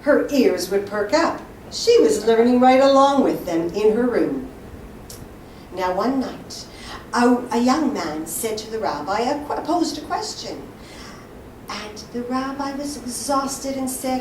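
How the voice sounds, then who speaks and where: A woman storyteller telling a folk tale live with expressive, lively delivery, recorded in a hall. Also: a little high, unhurried. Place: synagogue hall. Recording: roomy, distant live mic, faint hiss.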